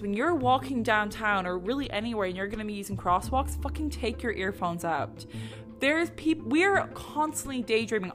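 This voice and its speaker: A young woman telling stories about her week in a casual, animated way, swearing freely and saying "like" a lot. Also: a little high. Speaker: vlogger. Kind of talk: casual storytelling.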